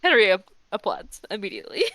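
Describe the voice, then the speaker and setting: A woman playing a tabletop game, giggly and animated, jumping in with jokes. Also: mid-range voice, quick pace, dry recording. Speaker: player. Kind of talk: casual tabletop role-play.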